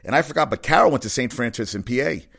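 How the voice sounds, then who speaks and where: A man's voice: medium pitch, lively intonation, quick pace, vocal fry, fairly bright tone. A middle-aged man hosting a sports podcast, rambling and swearing as he rants in casual talk. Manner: rambling, profane, riled-up ranting.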